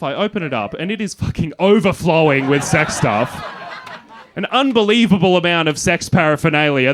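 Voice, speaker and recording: A young man doing stand-up, telling a long story on a comedy club stage and bursting into loud exasperated asides. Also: on the high side.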